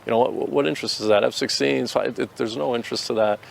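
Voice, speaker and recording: A man's voice: mid-range voice, fairly even intonation, fast, vocal fry. An American man answering interview questions outdoors, earnest and opinionated, often restarting his sentences. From United States. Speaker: interviewee, volunteer fighter.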